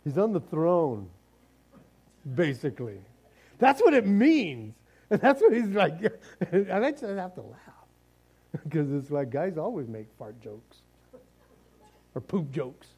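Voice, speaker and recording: A man's voice: a little high, big pitch swings, slow, pauses often, mellow, slightly rough, low-quality recording. A man preaching a sermon, reading scripture and then explaining it in a casual, joking, conversational way with many asides. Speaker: pastor.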